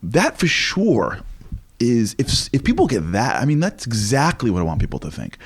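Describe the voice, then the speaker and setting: A man in his forties, a lecturer speaking as a guest in an interview, telling stories in an animated way with frequent restarts. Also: mid-range voice, slightly rough. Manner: animated, fast, with many restarts. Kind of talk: conversational storytelling interview.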